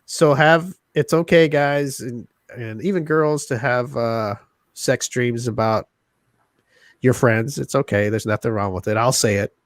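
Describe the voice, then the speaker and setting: A man's voice: mid-range voice, a little slow, no room sound, clean studio sound. A man co-hosting a podcast, teasing his friends in crude, laughing banter. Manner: joking, teasing, loose and laughing. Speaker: podcast co-host.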